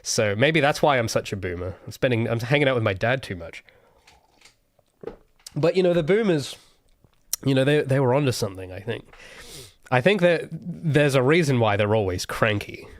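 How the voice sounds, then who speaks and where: A man's voice: medium pitch, lively intonation, normal speed, pauses often. A young adult man hosting a casual livestream Q&A, rambling and thinking aloud with many restarts. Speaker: solo game developer streamer.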